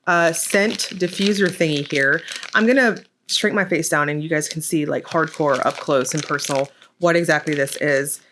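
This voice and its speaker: A woman's voice: on the low side, fairly bright tone, slight background noise. A woman chatting casually through a product unboxing, rambling with fillers and poking fun at herself. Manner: jokey, laughs at herself. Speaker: nail polish reviewer.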